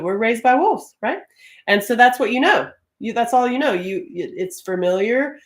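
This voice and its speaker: Middle-aged woman host, low-pitched, animated and chatty on a live stream, laughs a lot. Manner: animated, laughs often, Southern-tinged "y'all". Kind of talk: casual live stream talk.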